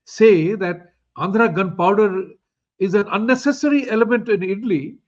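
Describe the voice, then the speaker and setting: High-pitched man hosting, emphatic. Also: normal speed. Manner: emphatic, rhetorical questions. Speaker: show host. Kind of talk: opinionated interview talk. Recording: dull lo-fi audio.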